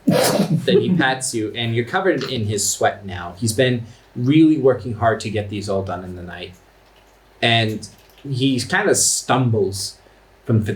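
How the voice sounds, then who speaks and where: A man narrating a tabletop game as game master, in a measured, descriptive way. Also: fairly low pitch.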